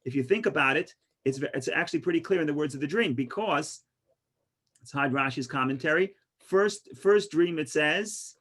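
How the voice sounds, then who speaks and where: Male rabbi, informal lesson, lively storyteller, fairly high voice, stumbles and restarts, loud at punchlines. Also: normal speed, slightly rough. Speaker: rabbi teaching a Torah class. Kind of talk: informal Torah lesson with stories and jokes.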